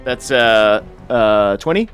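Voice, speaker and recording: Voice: medium pitch, expressive, slow pace, faint music behind. A playful, jokey player describing their moves in a tabletop game.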